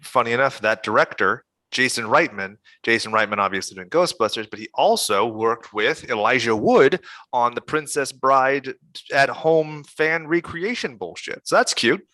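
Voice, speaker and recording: Brief: podcast co-host, man, bright and forceful tone, blunt and profane, dry close sound. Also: mid-range voice, normal speed, no echo. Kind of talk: casual chat.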